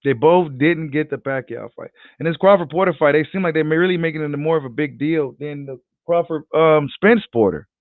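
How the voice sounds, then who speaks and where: A man hosting a casual boxing livestream, talking in an animated, slangy, profane way and repeating himself as he reads comments. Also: on the high side, fairly quick, few pauses, no echo. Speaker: boxing channel host. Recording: tinny phone-like audio.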